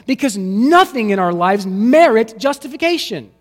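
A man preaching from the pulpit with a high-pitched voice, his words ringing out in the long reverb of a large hall. He swings from forceful emphasis down to near-whispered lows, a dynamic sermon delivery. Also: animated, normal speed. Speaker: pastor.

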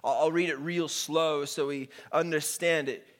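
A man with a notably high voice delivers a sermon at an unhurried pace. He leans on dramatic pauses and stretched-out words, and he mixes earnest preaching with playful asides. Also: fairly even intonation. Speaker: pastor.

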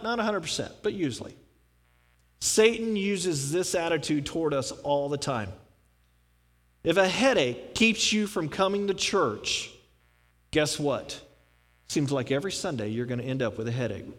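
A man's voice: a little high, lively intonation, measured pace, pauses often, fairly bright tone. A man preaching a conversational sermon as pastor, folksy and fond of rhetorical questions. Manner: folksy, asks rhetorical questions, repeats punchlines. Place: church sanctuary. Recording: long reverb of a church hall.

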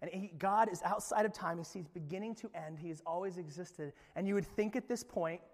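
Young guy pastor preaching, animated and playful, highish voice, big echoey church. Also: fairly quick. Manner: animated, dramatic, playful asides. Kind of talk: sermon.

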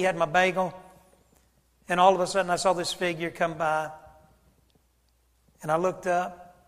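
A man's voice: a little high, fairly bright tone. A man pastor, preaching a sermon and acting out both sides of a conversation as he tells a story. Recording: church hall reverb.

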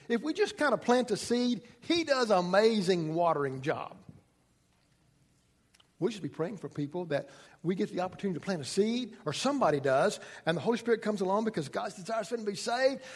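A man's voice: high voice, expressive, brisk. A middle-aged man, a pastor, telling a story in a casual, folksy sermon. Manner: folksy, conversational preaching with southern-style grammar. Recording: long reverb in a large room.

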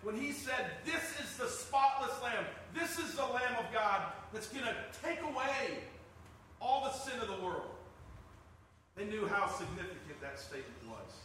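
A man's voice: high voice, very animated, measured pace, sharp tone, slight background noise. A man preaching a sermon as pastor, talking conversationally with joking asides. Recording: echoey room, distant mic.

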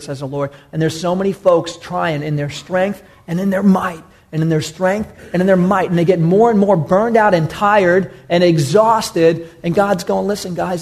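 A male pastor delivers a sermon in an earnest, urging way, circling back to key phrases and asking his listeners questions. His voice sits a little high for a man and has a gravelly edge. He talks straight to the congregation. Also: fairly even intonation, normal speed, few pauses, darkish tone.

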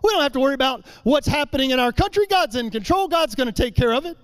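Middle-aged male preacher, very high voice, emphatic and repetitive delivery. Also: expressive, fairly bright tone. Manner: emphatic, repeats phrases, slows for key lines. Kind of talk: sermon.

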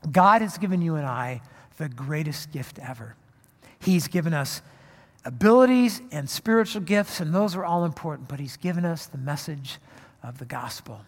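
Man, pastor, high voice, earnest sermon, long hall reverb. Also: expressive, moderate pace. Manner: earnest, rising to emphatic proclamation.

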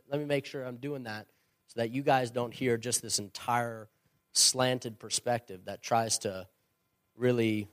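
A man's voice: on the low side, dry recording, studio quality. A man who is a missionary and former pastor, answering a question at church in an earnest, emphatic and opinionated way.

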